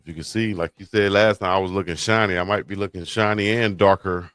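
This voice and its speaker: A man's voice: deep voice, fairly even intonation, brisk, fairly bright tone, clean tone, no room sound, studio quality. A man hosting a casual sports talk show, telling stories in a laid-back way. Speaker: host.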